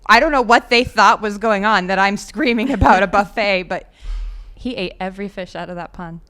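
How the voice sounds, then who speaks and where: Animated storytelling woman, smooth clear voice. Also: medium pitch, normal speed. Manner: animated, acts out her own pleading and yelling in quotes. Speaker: podcast guest. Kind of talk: casual storytelling chat.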